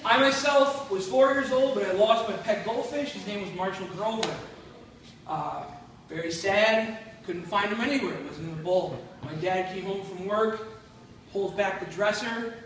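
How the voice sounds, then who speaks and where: Stand-up comedian, man, western new york accent, high voice, blunt and crude, very echoey club from far off. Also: normal speed, fairly bright tone. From Buffalo, New York. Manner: self-deprecating, blunt, crude punchlines. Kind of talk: stand-up set. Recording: very echoey room from far off, faint noise.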